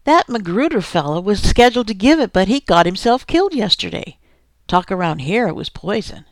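A woman's voice: mid-range voice, very animated, a little fast, no room sound. A woman reading the lines of a folksy, chatty elderly male whiskey distiller in an audiobook. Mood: gossipy. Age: older.

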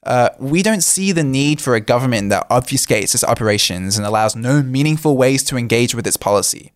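A man's voice: mid-range voice, expressive, brisk, dry recording. Earnest young man, dry close voice. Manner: earnest, with frequent "uh" fillers. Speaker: co-host. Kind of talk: casual political commentary.

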